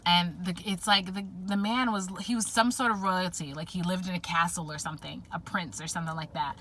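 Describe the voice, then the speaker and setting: A woman's voice: lowish voice, steady tone, a little fast, sharp tone, a little hiss or hum. A woman giving a casual tarot reading to viewers, rambling with frequent fillers and self-corrections. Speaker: tarot reader.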